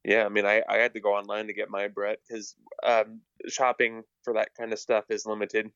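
Podcast guest: low, gravelly man, hesitant casual talk, bright edge, dull lo-fi sound. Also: monotone, moderate pace, no echo. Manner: hesitant, repeats words, many fillers. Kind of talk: casual chat.

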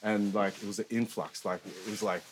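Young Australian man, lowish voice, casual and profane, meandering delivery. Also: fairly even intonation, a little fast, slight background noise. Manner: rambling, profane, heavy use of filler words. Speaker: guest sharing life story. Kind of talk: casual chat.

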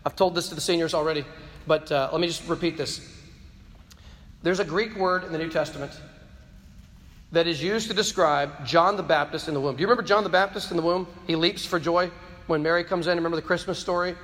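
A man's voice: a little high, fairly even intonation, a little fast, fairly bright tone. A man giving an impassioned, preaching-style talk to a live audience of students, often repeating words as he presses a point. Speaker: speaker addressing students. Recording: long hall reverb.

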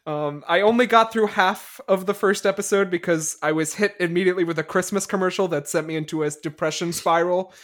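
A woman co-hosting a podcast, giving casual movie reviews in an animated, giggly way. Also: fairly low pitch, brisk, hardly any pauses. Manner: animated, giggly, acts out quotes. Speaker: podcast co-host.

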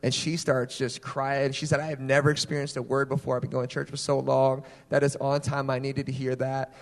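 Animated young male preacher in a hall. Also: medium pitch, fairly quick. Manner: animated storytelling, casual phrasing. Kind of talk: sermon with personal stories. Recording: long hall reverb.

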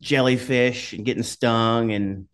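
A man's voice: mid-range voice, fairly even intonation, unhurried, clear, resonant tone. A middle-aged man, a podcast guest, telling rambling stories in casual talk, swearing and laughing along the way. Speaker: podcast guest, former Army skydiver. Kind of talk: casual storytelling.

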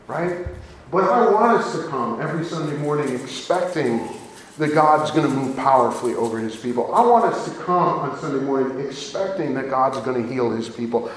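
A man preaching in a church, his slightly high voice ringing around a very echoey sanctuary. He speaks earnestly and conversationally, breaking off to talk straight to the congregation. The delivery stays warm but purposeful. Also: a little hiss or hum. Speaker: pastor. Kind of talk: sermon. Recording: very echoey room.

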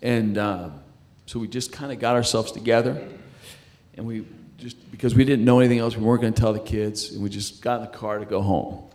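Speaking fairly low with a steady, darkish tone, a middle-aged man relates his personal testimony of faith in conversation. He stumbles along, repeating words and restarting as he recounts it.

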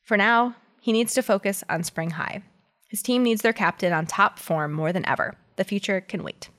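A woman's voice: mid-range voice, normal speed, a bit bright. Giggly woman reading fan fiction aloud. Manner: giggly, chatty asides. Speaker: reader.

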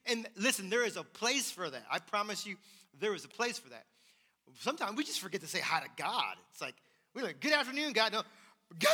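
Bright-voiced pastor preaching. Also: male voice, sits high. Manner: emphatic, repeats key phrases. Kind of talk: sermon. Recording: long hall reverb.

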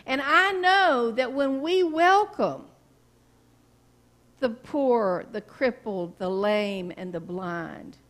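A woman's voice: high-pitched, fairly bright tone. A woman pastor preaching a sermon, telling stories in a folksy way and asking the congregation questions. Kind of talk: sermon with storytelling. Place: church sanctuary.

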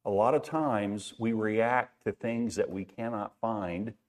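A man's voice: lowish voice, slow pace, a little mellow. A middle-aged man preaching a sermon in a conversational way, asking rhetorical questions and often repeating words. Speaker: pastor.

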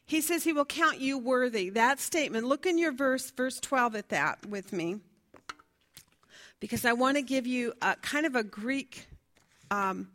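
Woman, Bible study teacher, higher-pitched voice, conversational, asks the class questions. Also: a little slow, fairly bright tone. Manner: fumbles with notes, laughs at herself.

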